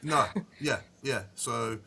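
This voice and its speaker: A man's voice: medium pitch, takes it slowly, vocal fry, pushed and bright, slightly rough. A man hosting a podcast, leading a casual football chat with lots of "yeah" and "um" fillers. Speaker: podcast host.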